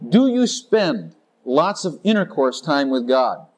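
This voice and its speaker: A man's voice: on the high side, very animated. A man preaching a sermon, exuberant and emphatic, breaking into song snatches and laughter. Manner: exuberant, sings snatches, laughs, rapid-fire declarations.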